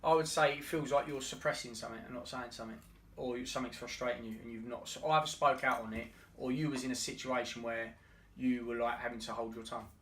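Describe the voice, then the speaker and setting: Bright man, off-mic in a roomy space. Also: mid-range voice, fairly even intonation, fast talker, recorded from a distance. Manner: earnest, many restarts and stammers. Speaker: podcast co-host. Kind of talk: casual chat.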